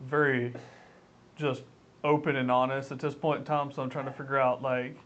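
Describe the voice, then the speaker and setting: A woman's voice: rumbling low, little pitch movement, normal speed, highs cut off. Giggly woman player thinking aloud. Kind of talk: casual tabletop role-play.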